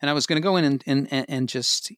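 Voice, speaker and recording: A male actor in casual chat who tells stories in a halting, wry way. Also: mid-range voice, a bit bright, dry recording, clean studio sound.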